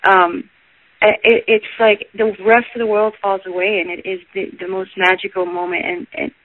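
A woman's voice: medium pitch, flat delivery, moderate pace, dry recording. A woman guest, a stage performer, talking earnestly and rambling with lots of "you know". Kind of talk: casual interview chat. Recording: tinny phone-like line, dry.

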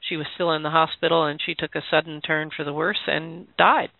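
A woman's voice: low voice, fairly even intonation, fairly quick, no room sound. A woman hosting a podcast interview, telling a personal story and affirming her guest with frequent mm-hmms. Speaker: podcast host. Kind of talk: casual interview chat. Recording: tinny phone-like line, dry.

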